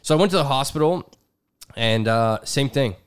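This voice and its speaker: A young man co-hosting a podcast tells his own story in a candid, relaxed way, using filler words. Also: mid-range voice, moderate pace, clear, resonant tone. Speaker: podcast co-host. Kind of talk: casual podcast conversation.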